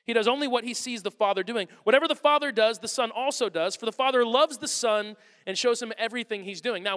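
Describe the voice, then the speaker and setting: A man in his thirties delivers a sermon as pastor, his voice very high and bright. He is animated and slips into character voices for quotes. The sound rings with the long reverb of a large hall.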